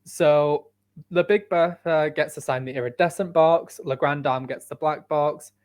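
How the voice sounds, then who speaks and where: A British man co-hosts a podcast in relaxed, chatty talk. He drops dry, sarcastic asides. His voice sits a little high for a man. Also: unhurried. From United Kingdom. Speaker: podcast co-host. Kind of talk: casual chat.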